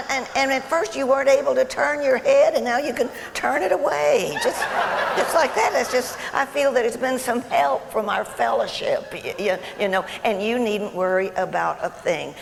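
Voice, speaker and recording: A woman's voice: a little high, gravelly. A woman playing a tactless, self-absorbed female visitor to a sick friend, chattering and stammering in a comic stage monologue. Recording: echoey hall, faint room noise.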